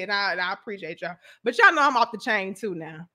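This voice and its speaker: A woman host with a St. Louis accent giving loose livestream commentary, profane and animated, laughing often and answering viewer comments. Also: medium pitch, brisk. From St. Louis, USA.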